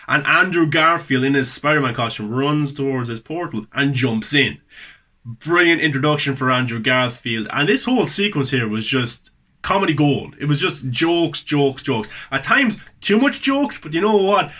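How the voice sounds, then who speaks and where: A man's voice: medium pitch, lively intonation, moderate pace, bright, forceful tone. A man hosting a casual spoken movie review, enthusiastic and repeating words for emphasis.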